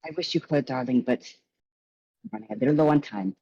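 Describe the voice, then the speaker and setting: A woman's voice: extremely low pitch, brisk, dark tone, slightly rough, no echo, highs cut off. A woman voicing a tall, flamboyant male drag club host with an attempted Irish accent, sultry and teasing. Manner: sultry, teasing, calls people darling.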